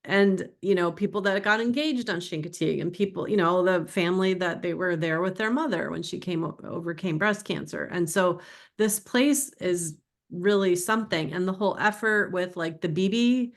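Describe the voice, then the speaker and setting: A woman's voice: fairly low pitch, normal speed. Chatty middle-aged woman giving a book talk. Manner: chatty, digressive, warmly emotional storytelling. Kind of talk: informal presentation to an audience.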